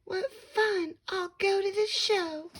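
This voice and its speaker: A woman voicing a lazy, selfish female bird in a storybook read-aloud, squealing high and bossy. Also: slow. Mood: gleeful.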